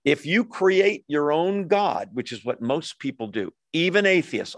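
A man's voice: fairly high pitch, animated, unhurried, no room sound. A middle-aged male pastor preaches in a loose, conversational style. He asks questions of his listeners and throws in jokes. The recording is dry and close. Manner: conversational, rhetorical questions, humorous asides. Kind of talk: sermon.

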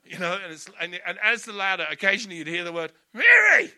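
A male preacher giving a lively storytelling sermon with humorous asides. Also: high-pitched, rapid-fire. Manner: animated, storytelling, laughing asides.

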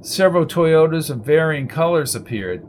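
A man narrates an audiobook in a steady storytelling voice, sitting a little above typical male pitch. A faint hiss runs under the recording. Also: normal speed.

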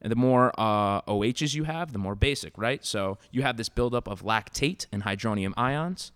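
Young man, casual podcast chat, animated, acts out what people said, laughs a lot. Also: mid-range voice, moderate pace, clean tone. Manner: animated storyteller, acts out quotes, laughs often. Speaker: podcast co-host.

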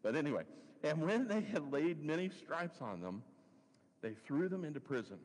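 A male pastor with a lowish, slightly mellow voice preaches a sermon and reads scripture conversationally, thinking aloud and adding chuckling asides. There's faint hiss or hum, and the recording carries a long hall reverb.

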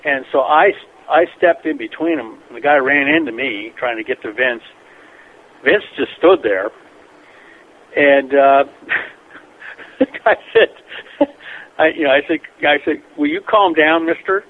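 A man being interviewed as a scientist guest on a radio show, telling stories in a rambling, animated way with many restarts. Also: mid-range voice, measured pace, long pauses, husky. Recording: dull lo-fi radio broadcast with faint noise.

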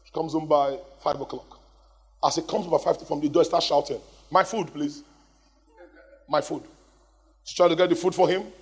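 Husky pastor preaching in a reverberant hall. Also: male voice, a little high, fast talker. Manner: lively preaching with call-and-response to the congregation. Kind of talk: sermon. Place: church hall.

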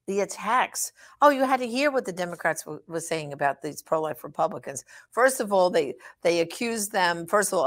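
A woman's voice: on the low side, creaky. A middle-aged woman giving an emphatic advocacy talk straight to her listeners, urging them to act, with fillers and restarts. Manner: emphatic and exhortative, frequent fillers. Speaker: pro-life advocate. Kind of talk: direct address advocacy talk.

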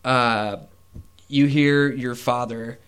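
A man's voice: medium pitch, fairly even intonation, extremely slow, a bit bright, clean tone. Man narrating as game master. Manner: casual, with fillers and voiced characters.

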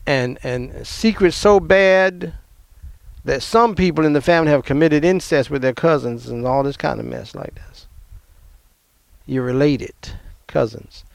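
A middle-aged man from the American South, telling a personal family story in an emotional, animated way and laughing often. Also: a little high, a little slow, creaky, no echo.

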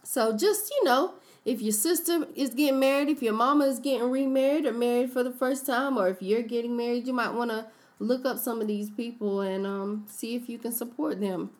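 A woman co-hosting a relaxed podcast. She chats casually, running through recommendations with a friendly, rambling flow and frequent "um"s. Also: on the high side, brisk. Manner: chatty, recommends businesses with frequent fillers. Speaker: podcast co-host. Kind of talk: casual chat.

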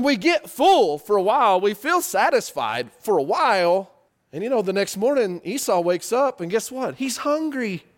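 A high-voiced man preaching a sermon in a lively, conversational way. He keeps throwing rhetorical questions at his listeners as he tells the story. His pitch swings widely from high to low.

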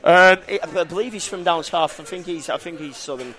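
Man, Lancashire accent, high voice, lively, playful accent teacher on radio. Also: brisk. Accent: Lancashire English, a mix of Manchester and Scouse. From England. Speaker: pub owner, guest.

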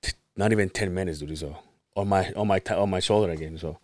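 A man's voice: low-pitched, quick pace, no room sound, clean studio sound. A man on a podcast telling a story in casual chat, swearing freely and acting out what people said. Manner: animated, profane, acts out quotes. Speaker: podcast host.

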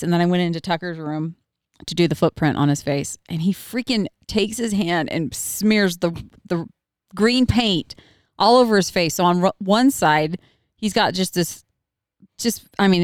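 On a podcast she co-hosts, a woman rambles casually about her kids and laughs a lot. She speaks at normal speed in a lowish voice, with clean studio sound and no room sound.

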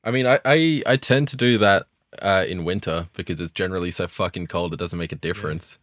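A low-voiced man riffs in laid-back, sweary banter. He talks loosely in a casual chat, and the sound is dry and close. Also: a little fast, fairly bright tone, no room sound.

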